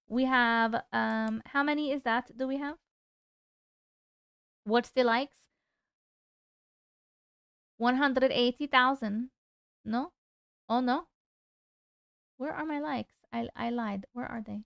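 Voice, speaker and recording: A woman hosting a live stream in a casual, chatty way, reading out and answering viewers' comments and urging them to vote. Her voice sits a little high and sounds smooth and clear. The sound is dry and close, with no room echo. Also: slow, long pauses. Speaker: livestream host. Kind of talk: casual livestream chat with viewers.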